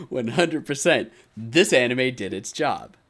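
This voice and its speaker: A man's voice: mid-range voice, big pitch swings, slow, creaky, a bit bright. A man hosting a podcast in casual chat, laughing often and teasing his co-hosts. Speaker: podcast host.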